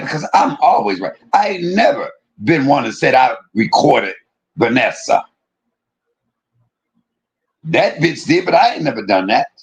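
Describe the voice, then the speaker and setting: A man's voice: on the high side, breathy edge. A man on his own livestream, delivering a heated, profane and confrontational rant that circles back on itself and repeats points. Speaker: live streamer.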